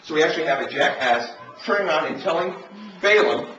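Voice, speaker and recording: A man's voice: fairly high pitch, expressive, quick pace, bright, forceful tone, a little hiss or hum. Distant preacher man in an echoey church. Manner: storytelling, voicing quoted characters. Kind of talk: sermon. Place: church sanctuary. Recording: distant roomy church recording, dull lo-fi.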